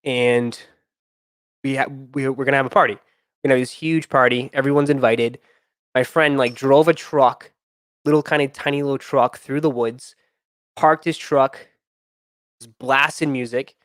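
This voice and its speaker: A man's voice: mid-range voice, steady tone, moderate pace, long pauses, fairly bright tone, dry recording, studio quality. A young man hosting a stream, telling a story in a loose, rambling way with many fillers and restarts. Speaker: sneaker channel host.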